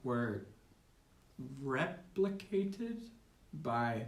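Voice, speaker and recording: A man's voice: mid-range voice, very animated, very slow. A teenage boy playing a tabletop role-playing game, telling his character's story in an earnest, dramatic way. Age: teens. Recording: echoey room.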